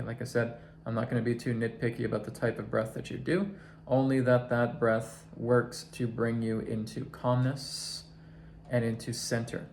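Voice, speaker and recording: A man teaching a self-help process, talking slowly and deliberately and counting breaths aloud. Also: mid-range voice, gravelly, a little mellow. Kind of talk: guided instructional talk. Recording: echoey room with faint noise.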